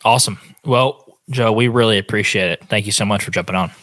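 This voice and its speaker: Low-voiced podcast host with dry sound. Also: male voice, fairly quick, a bit bright, dry recording. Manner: friendly sign-off, upbeat. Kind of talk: casual interview chat.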